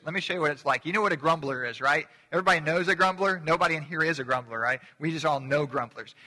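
A middle-aged man preaches a relaxed, joking sermon, pitched slightly high with a bright, pushing tone. He keeps pulling the congregation in to say words along with him. The sound rings out in a large church hall with a long tail of reverb. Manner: chatty, joking, gets the congregation to repeat words. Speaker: pastor. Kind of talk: casual sermon.

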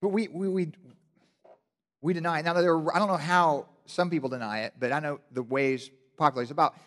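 A male pastor giving a casual, animated sermon with joking asides, often restarting his sentences. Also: on the high side, a little fast. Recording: long hall reverb.

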